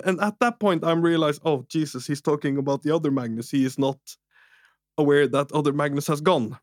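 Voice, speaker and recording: Male podcast co-host, animated storyteller who laughs at himself, slightly high voice. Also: fairly quick, dry recording, studio quality. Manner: animated, laughs through his own story.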